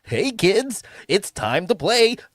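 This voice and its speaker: Sing-song kids' dinosaur host, a man's put-on voice, high, slow, swooping. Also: very animated, dry recording, exaggerated voice. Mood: cheery. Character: cheery male purple dinosaur kids' host.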